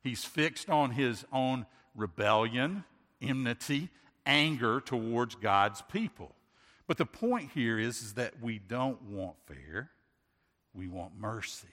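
A man's voice: mid-range voice, expressive, takes it slowly, fairly bright tone. A pastor giving a sermon in an earnest way, asking rhetorical questions and often restarting his sentences. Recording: long hall reverb.

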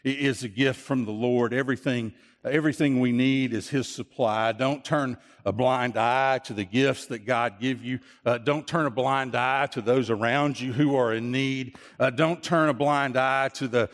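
A man's voice: mid-range voice, fairly even intonation, moderate pace, few pauses, in a large hall. A man pastor preaching a sermon, earnest and repetitive, often restarting his phrases. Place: church.

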